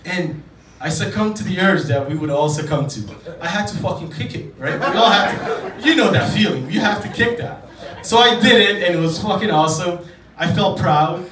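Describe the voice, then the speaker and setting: A man's voice: high-pitched, normal speed, hardly any pauses, recorded from a distance, a crowd in the background. A man from Djibouti doing a casual, profane stand-up routine in a comedy club. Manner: casual, profane, self-deprecating storytelling to a live audience. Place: comedy club stage with audience laughter. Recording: echoey club recorded from afar, loud ambience.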